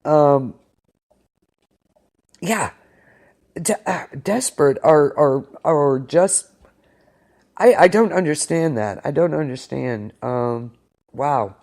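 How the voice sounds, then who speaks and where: A man's voice: on the high side, lively intonation, slow pace, creaky, pauses often, a little mellow. Rambling, hesitant male radio host. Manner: rambling, hesitant, full of fillers and restarts; incredulous, keeps saying wow. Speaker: internet radio show host. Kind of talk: casual chat.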